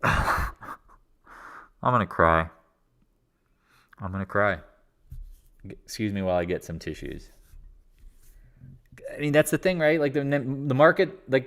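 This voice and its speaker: A man hosting a live market stream from his living room, ranting sarcastically and mocking others in put-on voices. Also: on the high side. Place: living room home office.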